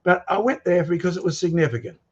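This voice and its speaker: A man's voice: high-pitched, fast. A man giving an emphatic creationist presentation, challenging his audience with questions. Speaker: creationist speaker. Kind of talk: presentation lecture. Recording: muffled lo-fi recording.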